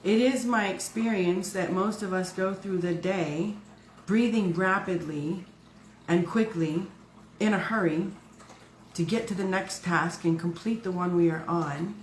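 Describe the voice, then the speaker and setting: A woman hosts her podcast in a gentle, affectionate manner, coaxing listeners to slow down and breathe. Her voice sits low, and she takes her time over every phrase. The sound bounces around a roomy space, with faint noise underneath. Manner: affectionate, soothing, encouraging. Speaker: podcast host. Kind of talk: podcast talk leading a breathing exercise.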